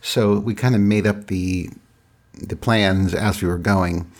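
Recounting a personal story in a casual, halting manner, a middle-aged man reflects aloud and frequently restarts sentences. His voice is low-pitched with fairly even intonation.

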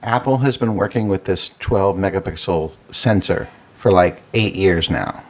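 A man's voice: low voice, measured pace. A man co-hosting a casual tech chat, explaining details and reading them out. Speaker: podcast co-host.

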